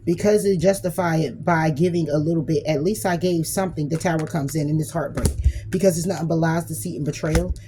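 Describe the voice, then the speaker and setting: A woman's voice: low-pitched, fairly even intonation, brisk, noisy background. A woman giving a casual, blunt tarot reading who swears freely and acts out imagined arguments. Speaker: tarot reader.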